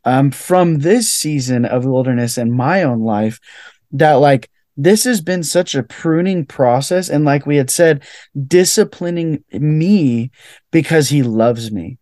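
A man's voice: on the high side, unhurried, warm tone, dry recording, studio quality. A young man, a podcast guest, sharing a heartfelt personal testimony with lots of "like" fillers. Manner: heartfelt, fills speech with "like". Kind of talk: earnest personal testimony in conversation.

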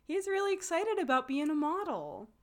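A woman's voice: high voice, normal speed. Chatty woman with lots of fillers. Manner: animated, acts out characters' lines with lots of fillers. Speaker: podcast co-host. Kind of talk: casual chat recapping a TV drama.

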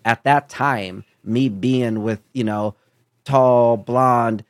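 A man's voice: medium pitch, extremely slow, dry recording. Candid man talking in a dry, close sound. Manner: candid and animated, storytelling with asides. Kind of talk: casual podcast conversation.

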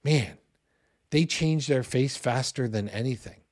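A man in his forties preaching a sermon in a conversational, animated way, with loud bursts when he acts out what people say. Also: mid-range voice, measured pace, no room sound, studio quality. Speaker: pastor.

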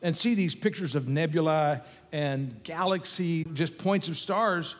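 A pastor delivering a sermon in a slightly high voice. He preaches emphatically, repeating phrases as his intensity builds. The sound carries a long reverb, as in a church sanctuary. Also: a little slow.

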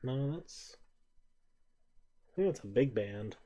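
A man's voice: medium pitch, animated, takes it slowly, dark tone. A laid-back man in casual chat who laughs often and swears. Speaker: co-host ranking bands.

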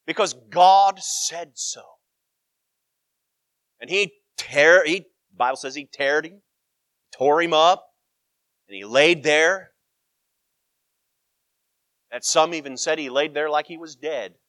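A man preaching a sermon, emphatic and animated, swinging between loud cries and hushed asides. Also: fairly high pitch, takes it slowly, long pauses, no echo, studio quality.

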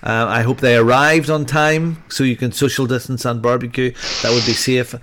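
A man's voice: medium pitch, fairly even intonation, normal speed, noisy background. Rambling, joking male podcast host. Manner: rambling and jokey, lots of fillers. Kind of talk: casual podcast chat.

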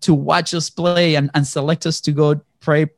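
A man from Venezuela telling a personal story in conversation, animated and lively, often checking in with "right?" and acting out what people said. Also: fairly high pitch, normal speed, no room sound, clean studio sound. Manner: animated storyteller, acts out quotes, frequent "right?". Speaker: guest.

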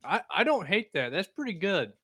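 A man's voice: high-pitched, very animated, moderate pace, pushed and bright, breathy edge. A man joking and giggling through a casual chat show.

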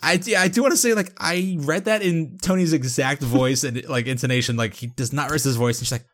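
A man's voice: mid-range voice, a little fast, a bit bright. Chatty man recapping a show. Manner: chatty, filler-heavy storytelling. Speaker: podcast host recapping a TV episode. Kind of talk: casual recap chat.

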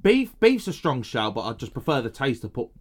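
A young man co-hosting a podcast, chatting casually, excitable and quick to swear. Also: mid-range voice. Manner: excitable, laughs often, swears. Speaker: podcast co-host. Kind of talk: casual chat.

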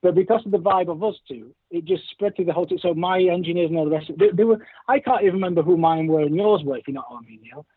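A man's voice: high voice, racing, few pauses, slightly rough, no room sound. A man chatting casually as a guest, hesitant and often repeating his words as he talks. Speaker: guest, former racer. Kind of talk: casual chat. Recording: tinny phone-like line.

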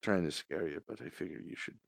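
A man voicing a male guide in a tabletop game, speaking low and quietly. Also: fast, gravelly, dry recording. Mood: cautious.

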